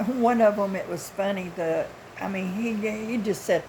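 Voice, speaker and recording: Woman in her sixties, from the US, folksy, blunt, casual storyteller, mid-pitched voice, faint background noise. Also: moderate pace, hardly any pauses, darkish tone, poor audio. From United States. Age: 60s. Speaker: vlogger.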